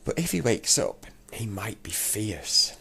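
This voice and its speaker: A man reading out a cautious, practical young girl from a children's storybook, in a hushed, urgent way. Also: deep voice, a little slow, gravelly, a little hiss or hum.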